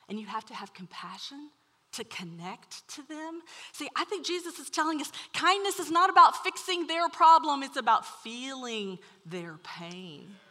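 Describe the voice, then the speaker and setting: Animated woman preaching in a reverberant hall. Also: fairly high pitch, breathy edge. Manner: animated storytelling, swings from loud to hushed. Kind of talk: sermon.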